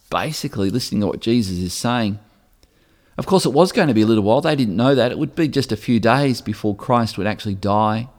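A man's voice: fairly low pitch, vocal fry, a little mellow. A man preaching a sermon, earnest and repeating phrases for emphasis, often stammering over a word before going on. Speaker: pastor. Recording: long reverb of a large hall.

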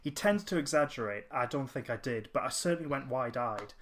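A man's voice: mid-range voice, animated, brisk, fairly bright tone, slight background noise. Chatty man telling an anecdote. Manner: rambling anecdote with fillers and restarts. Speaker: podcast co-host. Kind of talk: casual chat.

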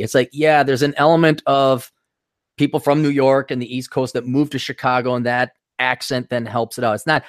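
A man's voice: medium pitch, fairly quick, no room sound, studio quality. A middle-aged man with an Upper Midwest American accent, hosting a casual podcast chat in a rambling, wisecracking way. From Milwaukee, US. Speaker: podcast host.

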